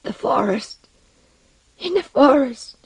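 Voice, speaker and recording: A man voicing a weak, injured man who cries out in a high, hoarse, sobbing voice, breaking his words slowly. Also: sing-song, dry recording, in a whisper, heavily acted, poor audio. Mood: panicked. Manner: high strained cries, slow and broken.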